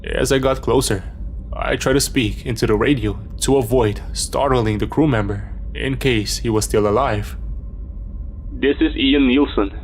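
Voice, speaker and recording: A man's voice: medium pitch, moderate pace, slight background noise. Man narrating a horror story. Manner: steady first-person storytelling.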